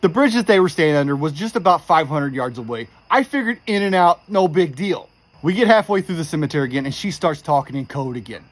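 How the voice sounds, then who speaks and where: A man telling a creepy true story in a casual, animated way, quoting the people in it with exasperation. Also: on the high side, brisk. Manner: animated, exasperated retelling with quoted dialogue.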